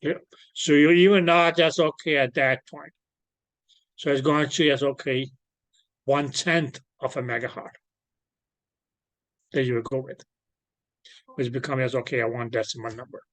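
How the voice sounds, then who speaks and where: A man lectures over a video call in a mid-pitched voice. He keeps pausing to ask whether everyone follows and corrects his own slips as he goes. The sound is dry and close. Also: steady tone, a bit bright, dry recording. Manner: patient, checks understanding, frequent self-corrections. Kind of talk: online class teaching.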